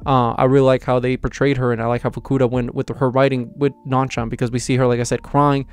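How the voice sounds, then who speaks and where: A man's voice: medium pitch, little pitch movement, fast, smooth, faint music behind. A young man giving a casual, rambling manga chapter review, with plenty of fillers and enthusiasm.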